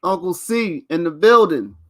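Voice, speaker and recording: A show host with a high voice runs a casual chat show, speaking animatedly but a little slowly. He's boastful and playful, laughing often and repeating his catchphrases.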